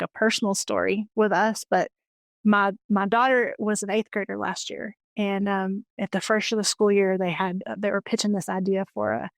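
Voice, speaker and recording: A woman's voice: mid-range voice, gravelly, no echo. A woman in her forties tells personal stories as a guest on an interview show. She is earnest and eager, often stops to restart a thought, and her mid-range voice has a close, dry sound. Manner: earnest and enthusiastic, with many restarts. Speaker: interview guest, financial educator.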